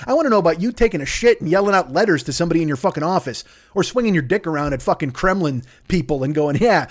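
A man tears through a profane comic rant, his voice sitting high. He jumps between asides and mock outrage without pausing. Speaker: podcast host.

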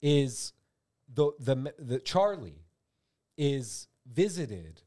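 A man's voice: mid-range voice, very animated, drawn-out words, warm tone. A man hosting a comedic podcast, talking in a jokey, rambling way and slipping into squealing voices for quotes. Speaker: podcast host. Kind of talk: comedic casual chat.

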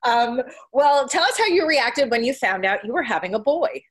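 A woman's voice: fairly high pitch, lively intonation, moderate pace. A woman co-hosting a podcast, chiming in with gushing agreement and questions. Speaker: podcast co-host. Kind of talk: casual interview chat.

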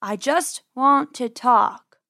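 A raging old farmer bellows slow, stretched threats, put on by a woman reading a storybook. The voice climbs high and strained with fury. It sits close and dry, with no room around it. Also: gravelly, no echo, full character voice. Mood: menacing. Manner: yelling, slow and drawn-out. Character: angry old male farmer chasing rabbits.

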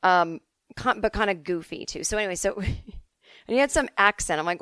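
Speaking briskly in a fairly low, smooth, fairly bright voice, a Boston-suburbs woman in her forties hosts a podcast and works through listener emails. She's candid and chatty, swears, and laughs easily, all captured in clean studio sound with no room echo.

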